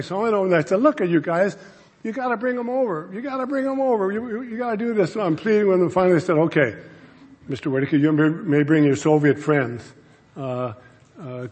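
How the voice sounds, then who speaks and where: A man giving a storytelling talk to an audience, acting out the dialogue of his anecdotes. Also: a little high. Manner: animated, acts out quoted dialogue. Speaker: speaker telling a story to an audience. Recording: long reverb from a large hall.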